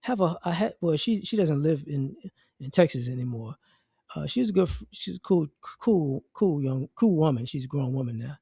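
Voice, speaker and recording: A man with an African American English accent gives an animated, casual opinion monologue and keeps restarting his sentences. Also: fairly high pitch, moderate pace, creaky, slightly rough, no room sound, studio quality. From United States. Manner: animated, acts out quoted voices, frequent restarts. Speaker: commentary vlogger.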